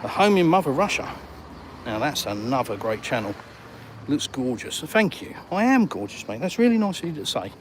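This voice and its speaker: A chatty, jokey Englishman walks and talks on a live stream, bantering with his viewers in a slightly raised voice. He holds his phone as he strolls outdoors, and clear street traffic rumbles behind him. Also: big pitch swings, moderate pace. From England. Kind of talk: walk-and-talk live stream, reading viewer comments.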